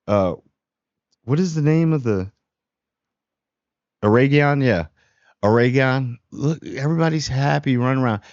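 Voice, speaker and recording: A man's voice: mid-range voice, dry recording. A man hosting a casual spoiler review, talking in slang and acting out the characters' lines. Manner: slangy and animated, acts out character quotes. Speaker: TV review host. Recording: dull lo-fi dry sound.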